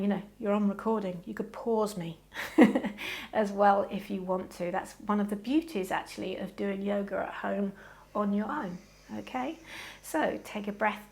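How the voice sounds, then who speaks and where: A woman leads a yoga class with a gentle, reassuring manner. Her voice carries a gravelly, fry-tinged texture at a middle pitch. She chats warmly between slow, soft breathing cues. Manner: gentle, reassuring, chatty with frequent "okay". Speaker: yoga teacher. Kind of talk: guided yoga class instruction.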